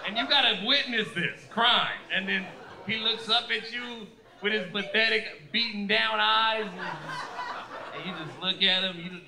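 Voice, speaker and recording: High-voiced male comedian, live club. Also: measured pace, creaky. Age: 30s. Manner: animated, profane, acts out quoted voices. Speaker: stand-up comedian. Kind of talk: stand-up comedy set. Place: comedy club stage with a laughing audience. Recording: live club recording with audible room noise.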